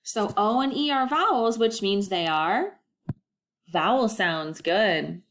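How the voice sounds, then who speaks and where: A woman teacher giving a recorded phonics lesson, slow and deliberate, stretching out the model words and praising often. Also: mid-range voice, lively intonation, a bit bright, a little hiss or hum. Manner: encouraging, sing-song classroom delivery.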